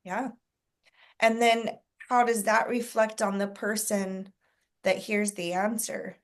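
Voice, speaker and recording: A woman's voice: medium pitch, little pitch movement, slow pace. Woman coaching a sales group. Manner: conversational, asks the group questions, clears throat often. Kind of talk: casual group coaching talk.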